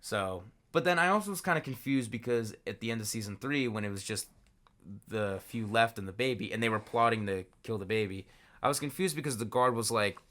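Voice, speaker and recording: A man co-hosting a podcast in relaxed casual chat, full of fillers. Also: fairly low pitch, fairly quick. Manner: relaxed, filler-heavy talk. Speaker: podcast co-host.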